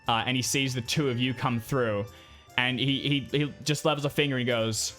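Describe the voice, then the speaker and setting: A man's voice: mid-range voice, steady tone, normal speed, a bit bright. Rambling game master man, faint music. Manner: loose, rambling narration with many fillers. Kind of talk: narrating a tabletop game.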